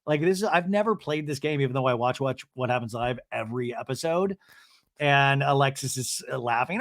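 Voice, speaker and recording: A man's voice: medium pitch, fairly quick, fairly bright tone, no echo, studio quality. A man hosting a podcast, giving a casual, rambling TV recap full of crude jokes. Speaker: podcast host.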